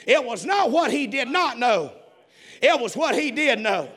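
A man preaching a revival sermon, building from quiet storytelling to shouted crescendos in a repetitive preaching cadence. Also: very high-pitched, sing-song, a little slow, a faint crowd.

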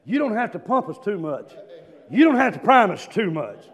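An older man preaching a sermon, telling folksy stories with drawn-out fillers and climbing into shouts. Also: big pitch swings, husky. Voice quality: high-pitched, rising to shouts. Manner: folksy storytelling, drawling fillers.

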